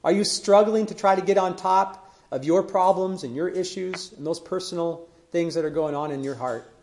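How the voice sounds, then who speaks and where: A man's voice: high voice, moderate pace, gravelly, a little mellow. A man preaching a sermon in an earnest way, building emphasis through questions. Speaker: pastor.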